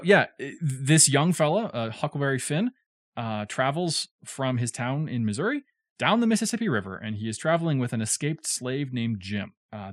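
A man's voice: medium pitch, no echo, studio quality. A man from the southern United States co-hosting a podcast, explaining a classic novel in casual, digressive chat with joking asides.

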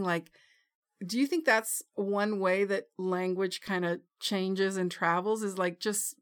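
A woman interviewing a guest in a casual, curious and chatty way, laughing easily. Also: mid-range voice.

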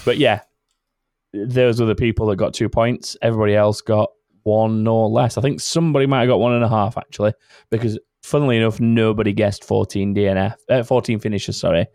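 A man's voice: lowish voice, fairly even intonation, a little fast, darkish tone, dry recording, clean studio sound. A man hosting a casual podcast, rambling and correcting himself as he goes, laughing often. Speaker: podcast host. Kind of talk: casual chat.

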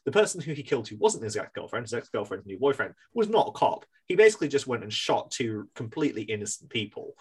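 A man hosting a casual podcast chat, telling a story in an animated way, laughing and swearing as he goes. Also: mid-range voice, fast talker, few pauses, slightly rough. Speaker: podcast host.

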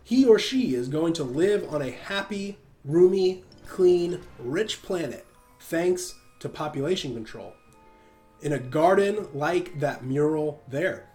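A man's voice: a little high, lively intonation, slow, darkish tone, soft background music. A man reading the part of a pompous elderly male doctor who lectures emphatically. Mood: smooth.

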